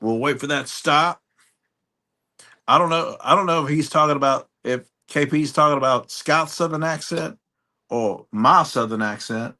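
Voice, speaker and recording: A man hosting a live online sale, joking and describing items deliberately. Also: fairly high pitch, sharp tone. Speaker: auction host.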